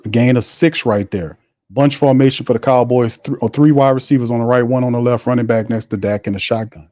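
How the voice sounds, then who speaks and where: A man hosting a live football watch party, calling plays and chatting with viewers in a loose, excitable way. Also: medium pitch, fairly quick, no room sound, clean studio sound. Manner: excitable on big hits. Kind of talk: casual live-stream play-by-play.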